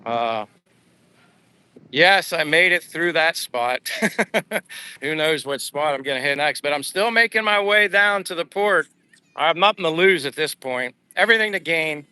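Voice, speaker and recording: A man from the United States talks casually as he walks outdoors and streams live from his phone. His voice is bright and crisp, and it sits a little high for a man. He chats in a relaxed, rambling way, with plenty of "uh" and "like" as he answers his viewers. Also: a little slow. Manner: relaxed, chatty, reads out viewer comments with many fillers. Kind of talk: casual live-stream chat while walking. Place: outdoors on a seaside boulevard.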